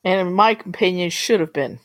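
A woman's voice: lowish voice, a little fast, dry recording, clean studio sound. A woman guest on a casual podcast, giggly and easygoing. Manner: giggly, lively.

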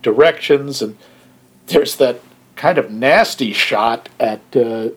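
A man with an ordinary middle-pitched voice talks through a film in casual podcast chat. He is wry and dry, and he reacts with short interjections. His tone stays conversational and easy. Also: takes it slowly, husky. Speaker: podcast co-host.

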